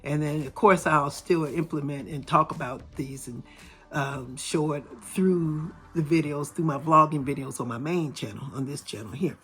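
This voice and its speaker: A middle-aged woman vlogger chatting casually with her viewers, her voice still a little raspy and hoarse after a cold. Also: low voice, moderate pace, a bit bright. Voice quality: slightly raspy. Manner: chatty, talks straight to viewers. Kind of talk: casual chat. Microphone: camera filming from overhead.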